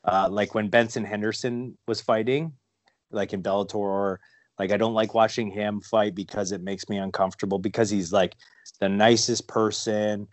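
A man's voice: fairly low pitch, no room sound. A man chatting casually on a podcast, rambling with lots of fillers and restarts. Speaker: guest, fighter and wrestler.

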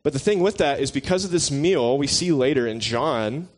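Man, casual sermon, laid-back, jokes with the listeners, average pitch. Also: moderate pace. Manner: relaxed and joking, chats with the listeners. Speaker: preacher.

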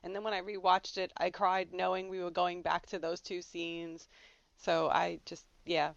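Gravelly blunt woman, dull dry mic. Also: on the low side, little pitch movement, normal speed, no room sound. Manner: blunt, swears, emotional. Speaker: podcast co-host. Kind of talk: casual chat.

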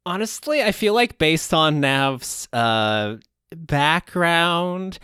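A game master narrating a tabletop game in a loose, halting way. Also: medium pitch, expressive, bright, forceful tone, clean tone, no room sound, studio quality.

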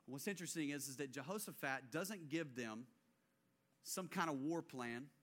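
Animated male pastor preaching. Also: a little high. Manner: animated, acts out biblical figures, drops to quiet intensity. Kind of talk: sermon.

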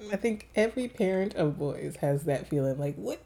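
A woman's voice: low voice, lively intonation, normal speed, warm tone. A woman co-hosting a casual podcast, talking in a matter-of-fact, thoughtful way. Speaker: podcast co-host and mother. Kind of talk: casual chat.

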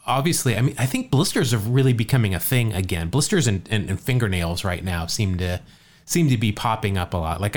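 A man hosting a laid-back podcast, telling a baseball story with lots of jokes. His pitch swings widely as he talks. He often repeats himself and restarts sentences. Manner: chatty, jokey, stumbles and repeats words. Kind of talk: casual podcast chat.

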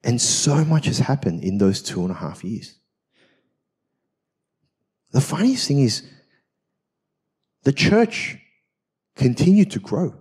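A man's voice: medium pitch, sing-song, takes it slowly, long pauses, darkish tone, husky. A man, a senior pastor at a church service, preaching a personal story in a conversational, self-mocking way with frequent tag questions.

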